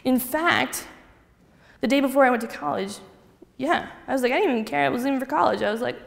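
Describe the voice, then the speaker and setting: A young woman giving a personal faith testimony to a group, telling her story with lively acted-out dialogue. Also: high voice, quick pace, creaky. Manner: animated storytelling, acting out quoted dialogue. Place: hall with a group. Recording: long reverb of a hall.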